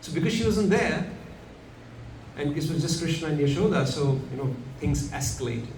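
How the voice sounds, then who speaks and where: A man telling a devotional story to a gathering, animated and questioning his listeners. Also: fairly high pitch, moderate pace. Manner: animated, acts out characters, asks the audience questions. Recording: echoey room from far off, background noise.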